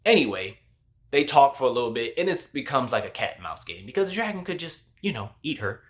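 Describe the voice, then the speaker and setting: Male host, casual slangy movie-review recap, mid pitch. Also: sing-song, a little fast. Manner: slangy, loose storytelling with lots of "like".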